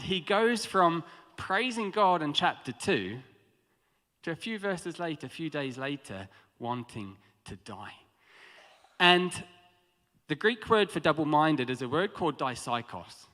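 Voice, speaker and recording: A man preaching a sermon in a lively, conversational way, with stammered restarts. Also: fairly high pitch. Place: church hall. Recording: long hall reverb.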